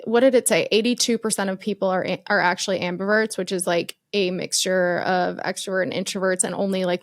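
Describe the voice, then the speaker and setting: A young woman co-hosting a podcast, talking through tips in a relaxed, explanatory way and leaning on fillers like "like" and "um." Her voice sits at an ordinary middle pitch and is recorded dry and close, with no room echo. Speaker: podcast co-host. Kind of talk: casual business podcast chat.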